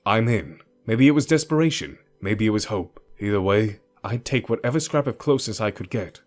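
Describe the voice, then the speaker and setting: A man narrating a first-person romance story in an expressive storytelling manner. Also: lowish voice, fairly quick. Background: faint music.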